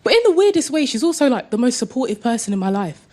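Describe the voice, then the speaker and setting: A woman of Jamaican heritage performing a stand-up comedy set, animated and laughing through her lines. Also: a little high, fast talker. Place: comedy club stage. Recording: live club recording with clear noise.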